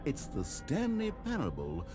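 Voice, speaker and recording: A wry, smug game narrator. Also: male voice, medium pitch, huge pitch swings, over music. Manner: dry, ironic, measured delivery. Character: wry, self-satisfied male video game narrator.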